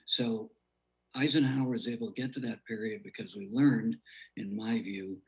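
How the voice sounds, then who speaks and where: Congressman questioning a witness, measured. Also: on the low side, fairly even intonation, low-quality recording. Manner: measured, trailing off quietly at phrase ends. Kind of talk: hearing questioning.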